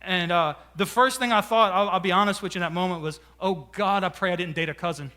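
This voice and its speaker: A young male pastor, preaching a sermon and telling a personal story in an animated, filler-heavy way, closing in a softer, earnest voice. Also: sits high, fast. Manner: animated storytelling, many fillers, quiet emphatic close. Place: church sanctuary.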